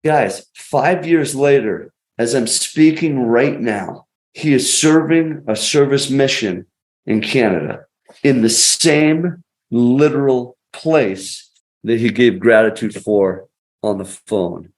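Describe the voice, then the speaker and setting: A man's voice: medium pitch, animated, takes it slowly. A man who is a podcast guest, telling stories in an emphatic, motivational way with punchy phrasing. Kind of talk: conversational storytelling.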